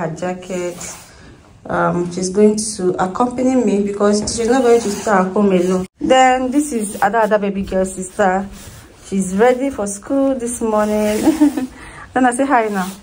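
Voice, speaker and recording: A woman's voice: mid-range voice, darkish tone, low-quality recording. A woman in her thirties with a Nigerian accent, chatting casually to her viewers in a home vlog. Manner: chatty, addresses viewers directly. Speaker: vlogger and stay-at-home mother.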